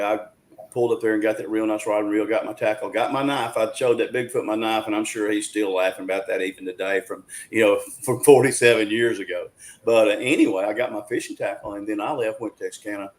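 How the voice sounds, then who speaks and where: A man, telling a story as an interview guest in an earnest, folksy way, with frequent restarts. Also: lowish voice. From Arkansas, USA. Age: 60s.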